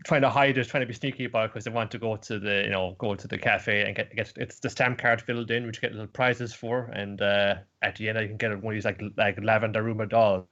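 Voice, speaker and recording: A man's voice: on the low side, level tone, fast, hardly any pauses, fairly bright tone, dull audio. A man hosting an anime podcast, casually rambling through episode recaps with lots of fillers. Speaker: podcast host. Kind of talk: casual chat, retelling episodes.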